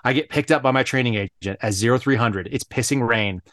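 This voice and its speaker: Brief: rapid, animated male storyteller, dry close sound, chatty and full of fillers. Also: medium pitch, dry recording. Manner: fast, animated anecdote telling with lots of fillers. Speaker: podcast co-host. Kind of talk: casual storytelling chat.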